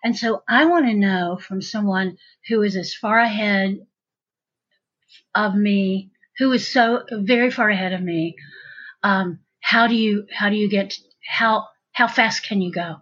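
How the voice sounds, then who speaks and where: Husky-voiced chatty woman, lo-fi sound. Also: medium pitch, a little slow, fairly bright tone. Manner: chatty, rambling with many restarts. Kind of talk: casual conversation. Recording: dull lo-fi sound.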